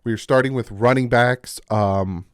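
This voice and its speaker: A man's voice: mid-range voice, steady tone, unhurried, no room sound, studio quality. A young man with a New Jersey accent and a congested, sick voice, rambling casually as a sports talk host. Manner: rambling, self-interrupting.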